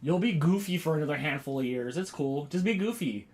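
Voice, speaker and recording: A man in his thirties with a fairly high voice, chatting loosely with his viewers on a livestream from home. He rambles from one thing to the next and breaks into excited exclamations. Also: fairly quick. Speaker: vlogger hosting a livestream. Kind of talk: casual livestream chat with viewers.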